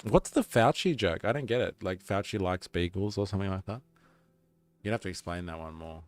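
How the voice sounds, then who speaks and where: A man's voice: low-pitched, fairly quick, soft background music. A young man with an Australian accent, chatting casually on a live stream and reading out viewer comments. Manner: rambling, reads chat aloud.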